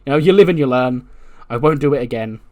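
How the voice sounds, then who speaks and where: Man, game streamer, wry, self-deprecating, casual narration, mid pitch. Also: lively intonation, quick pace, darkish tone. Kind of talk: let's-play narration.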